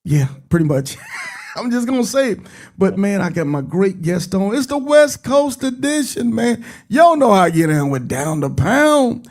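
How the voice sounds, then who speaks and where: A middle-aged man hosts a relaxed podcast chat in a fairly high voice with a gravelly, rough edge. He stays upbeat and keeps dropping "man" into his sentences. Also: normal speed. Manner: upbeat, peppers talk with "man". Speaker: podcast host.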